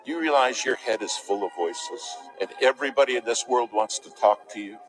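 A man preaching a sermon in a church, telling a story with dramatic swings between loud emphasis and hushed near-whispers. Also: medium pitch, moderate pace, music in the background, low-quality recording.

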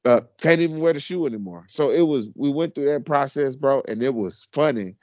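A man co-hosting a podcast, telling a story in a casual, animated, slangy way and often calling people bro. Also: medium pitch, a little fast, dry recording, dull audio. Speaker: podcast co-host.

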